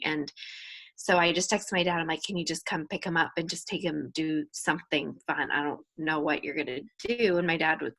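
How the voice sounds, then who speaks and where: Mom on a group video call, low husky voice with some fry, sharing honestly. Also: female voice, fairly bright tone. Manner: open, emotional, candid. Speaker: participant, mother. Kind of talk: casual group video chat.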